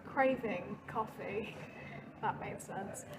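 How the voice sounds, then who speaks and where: A woman's voice: medium pitch, slow pace. Giggly young woman vlogging. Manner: chatty, giggly, self-deprecating. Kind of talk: casual travel vlog. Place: train, busy streets and hotel room. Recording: noisy street and train background.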